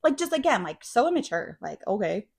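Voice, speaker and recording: A woman's voice: medium pitch, very animated, a little fast, vocal fry, darkish tone, slightly rough. A woman co-hosting a podcast, telling a long, rambling personal story in a casual, filler-heavy way. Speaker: podcast co-host.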